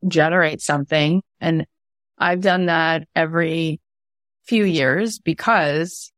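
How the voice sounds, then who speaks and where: A woman's voice: deep voice, slow pace, a bit bright, no room sound. A woman hosting a candid podcast conversation, telling stories animatedly, laughing and acting out quotes. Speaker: podcast host.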